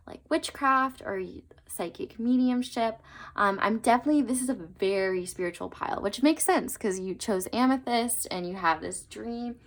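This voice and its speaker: Chatty young woman reading tarot. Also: mid-range voice. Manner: chatty, earnest, many fillers and trailing asides. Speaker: tarot reader. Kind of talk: casual tarot reading to camera.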